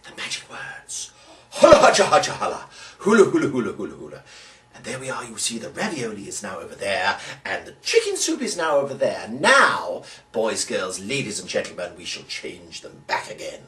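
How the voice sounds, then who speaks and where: A man's voice: on the low side, wildly swooping pitch, moderate pace, few pauses, pushed and bright, recorded from a distance. A British man, a magician, explaining a trick and then performing its showman patter in a theatrical, exclamatory way.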